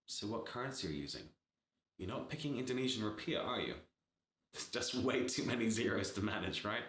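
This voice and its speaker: Man, blunt, sarcastic, swears a lot, lowish voice, echoey room. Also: animated, a little fast, a bit bright. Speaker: startup advisor. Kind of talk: casual scripted talk to camera.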